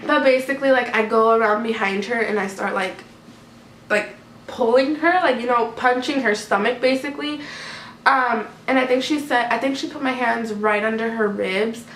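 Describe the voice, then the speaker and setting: A woman's voice: on the high side, moderate pace, fairly bright tone. A young woman telling a casual storytime to her camera, rambling with lots of "like" fillers. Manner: chatty, rambling, many "like" fillers. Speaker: vlogger. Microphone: camera mic. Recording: echoey room, faint background noise.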